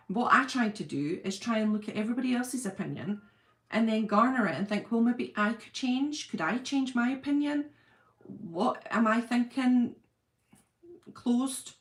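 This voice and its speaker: A middle-aged woman hosting a live chat, talking casually and reading out viewer comments, rambling and laughing often. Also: a little high. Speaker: livestream host.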